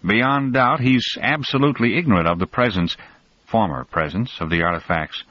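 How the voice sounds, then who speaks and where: A man voicing a calm, cunning male schemer who explains things in a measured, sharp way, raised a little above his narrating voice. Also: lowish voice, lightly acted. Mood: coolly explaining. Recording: dull lo-fi dry recording.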